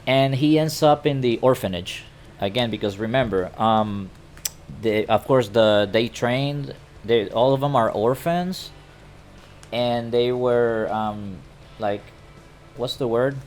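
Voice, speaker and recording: A man's voice: mid-range voice, slow pace, a little mellow, slight background noise. A man casually retelling an anime episode to a camera, chatty and stammering. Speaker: anime recap vlogger. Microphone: talking to a camera.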